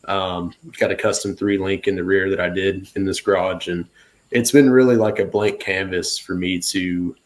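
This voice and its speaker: Deep-voiced young man talking shop. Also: steady tone, moderate pace. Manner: enthusiastic tinkerer explaining his build. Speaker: guest. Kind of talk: casual chat. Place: home garage.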